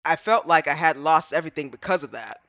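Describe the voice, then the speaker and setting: A proud, remorseful prosecutor speaks low and measured, as a man reads his part aloud. The voice sounds bright. The recording is close, dry and a bit muffled. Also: no echo. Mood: solemn.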